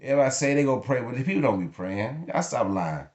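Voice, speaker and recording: Man vlogger, mid pitch, frustrated rant to camera, heavy swearing, echoey room. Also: sing-song, fast talker, a little mellow. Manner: blunt, emphatic, cursing freely. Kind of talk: emotional venting monologue.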